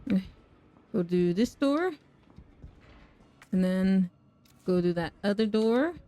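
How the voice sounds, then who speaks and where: A woman's voice: mid-range voice, expressive, takes it slowly, mellow. A young woman streaming a horror game, talking to chat, laughing and shrieking at danger. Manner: talks to chat, self-mocking. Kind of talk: live gameplay commentary.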